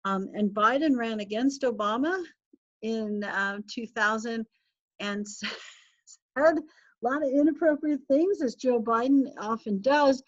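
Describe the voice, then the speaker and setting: Woman teacher chatting thru an online class, jokey, laughs a lot, kinda high voice, dull call audio. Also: takes it slowly, no echo. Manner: chatty, joking, laughs often. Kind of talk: casual online class lecture.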